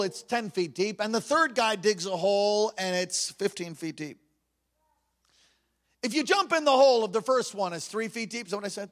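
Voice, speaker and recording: A pastor preaching a sermon, emphatic and repetitive, swinging between loud bursts and hushed passages. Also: male voice, high voice.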